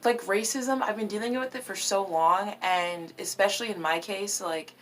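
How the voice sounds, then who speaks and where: A woman vlogging in a casual, animated way, swearing freely and tossing in French words. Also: medium pitch, normal speed, slight background noise. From United States. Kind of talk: casual opinion vlog.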